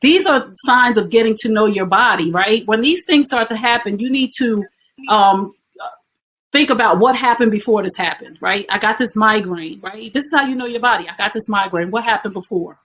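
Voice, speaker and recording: A woman guest speaks in a mid-pitched voice, explaining like a teacher. She asks rhetorical questions and keeps checking in with "right?". There is faint noise in the background. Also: normal speed, fairly bright tone, poor audio. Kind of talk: conversational interview.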